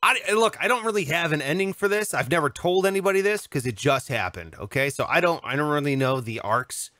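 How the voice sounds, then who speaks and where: A man in his thirties spins a comic story on a casual podcast and jumps into the voices of everyone involved. His voice sits high and bright, and his pitch leaps all over the place. The sound is close and dry, with no room around it. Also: a little fast, no echo. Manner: animated, acts out voices in his anecdotes. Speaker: podcast co-host.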